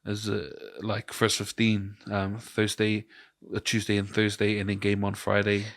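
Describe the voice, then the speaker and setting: A man's voice: lowish voice, measured pace, no echo. Laid-back New Zealand man, dry close mic. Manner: relaxed, storytelling, laughs often. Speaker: podcast co-host. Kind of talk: casual chat.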